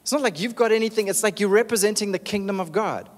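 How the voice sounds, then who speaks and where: High-voiced preacher, echoing hall. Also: male voice, fast talker. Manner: animated, emphatic, calls for amens. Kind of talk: sermon.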